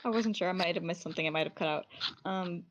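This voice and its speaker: A woman's voice: on the low side, fast, dull audio, a little hiss or hum. A young woman chatting as a player in a tabletop game, hesitant and thinking aloud. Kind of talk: casual tabletop chat.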